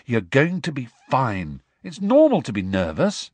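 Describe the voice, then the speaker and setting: A man's voice: medium pitch, lively intonation, fairly quick, a bit bright, husky, no echo, voice pushed up. A man voicing a teenage boy who talks firmly and bracingly to a nervous friend. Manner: firm, bracing.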